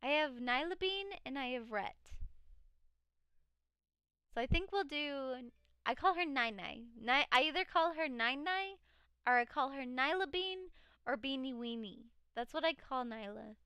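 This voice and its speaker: A woman's voice: high-pitched, animated, measured pace, bright, forceful tone, dry recording. A woman live streamer chatting casually with her viewers and reading out chat. She sounds tired, her voice cracking now and then. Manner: chatty, reads chat aloud, frequent laughs.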